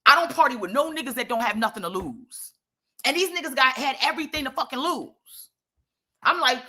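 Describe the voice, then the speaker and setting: Woman storyteller, somewhat high, forceful bright tone, swears freely and rambles. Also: fairly quick, husky. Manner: animated, profane, rambling with asides. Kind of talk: casual storytelling.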